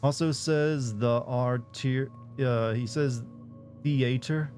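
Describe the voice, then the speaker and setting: A man's voice: medium pitch, fairly even intonation, slow, darkish tone, soft background music. A man with a mild Southern US accent doing casual let's-play commentary, chatting with viewers and swearing at the game. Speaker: streamer.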